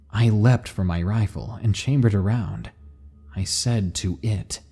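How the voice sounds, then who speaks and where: A man narrating scary stories in a measured, dramatic reading style. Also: on the low side, warm tone, slightly rough. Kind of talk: scripted horror narration.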